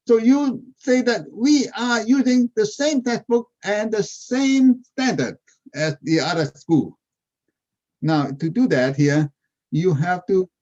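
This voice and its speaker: Guy professor lecturing over a muffled zoom line, kinda high voice, non-native english, asks himself questions and answers them. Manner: animated storytelling, rhetorical questions, laughs at his own points; non-native English with dropped verb endings. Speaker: guest professor speaking at a teaching webinar. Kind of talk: webinar lecture. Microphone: video call. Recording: dull lo-fi video call audio.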